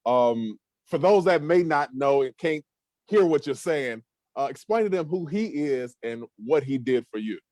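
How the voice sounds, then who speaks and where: A man's voice: a little high, animated, unhurried, a little mellow, no echo. A man hosting a podcast, asking questions with friendly stammers. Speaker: podcast host. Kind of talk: interview questions.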